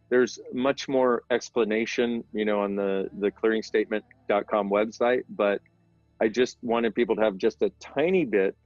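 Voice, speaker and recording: A man's voice: fairly low pitch, dry recording. A middle-aged man, an interview guest, explaining things in a casual, earnest and rambling way with self-deprecating asides. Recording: dull sound with faint background music.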